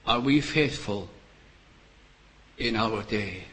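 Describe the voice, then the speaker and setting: An older man preaching a sermon, earnest and pleading, with long pauses between his short phrases. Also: on the low side, fairly bright tone, a little hiss or hum, poor audio.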